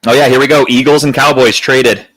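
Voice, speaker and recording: A man's voice: mid-range voice, fairly quick. Joking man talking football on a podcast. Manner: animated, joking, swears freely. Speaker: podcast co-host. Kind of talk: casual sports chat.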